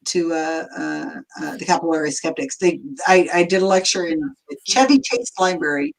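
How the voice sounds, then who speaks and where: A woman's voice: fairly low pitch, expressive, moderate pace, vocal fry, poor audio. A woman guesting on a podcast, talking enthusiastically in a rambling way with lots of fillers. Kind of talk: casual chat.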